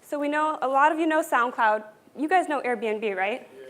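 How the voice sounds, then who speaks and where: A woman's voice: high-pitched, normal speed, a bit bright. A woman giving a conference keynote to a live audience, talking in an upbeat, earnest and conversational way. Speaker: conference speaker.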